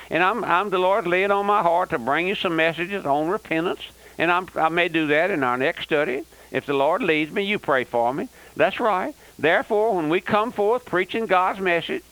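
A man's voice: sits high, a bit bright, rough recording. An older man preaching a fiery, emphatic radio sermon and repeating "that's right.". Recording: old radio broadcast.

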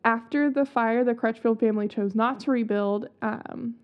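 A woman's voice: on the high side, fairly even intonation, normal speed. A young woman hosting a casual podcast, chatty and giggly, swearing casually as she tells spooky stories. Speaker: podcast host. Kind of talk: casual chat about haunted places. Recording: dull lo-fi sound.

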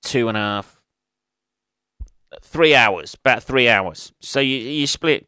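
A man's voice: mid-range voice, expressive, slow pace, pauses often, pushed and bright, clear, resonant tone, no echo, studio quality. A man hosting a solo comedy podcast, rambling and swearing as he thinks aloud. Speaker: podcast host.

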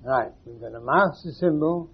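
With a slightly high voice that has a breathy edge, this English spiritual teacher talks at a normal pace. In a meeting room before a few listeners, he's informal, wry and teasing, quizzing his audience, all on a muffled 1980s tape recording.

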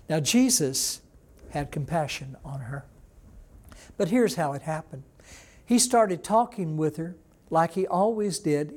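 Storytelling male pastor, fairly high voice. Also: darkish tone. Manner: storytelling, acting out the people in the story; plain, conversational teaching. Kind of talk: sermon.

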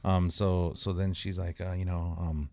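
A man in his forties, a guest on a podcast, telling stories in a rambling, halting way with many fillers and restarts. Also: sits low, little pitch movement, dark tone, no echo. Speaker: podcast guest, tattoo artist. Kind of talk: casual storytelling chat.

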